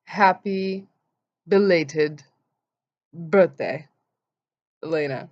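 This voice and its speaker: Lively young woman telling a story. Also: deep voice, drawn-out words. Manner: animated, acts out quotes in voices. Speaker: vlogger. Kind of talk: casual storytelling vlog. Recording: dull lo-fi sound.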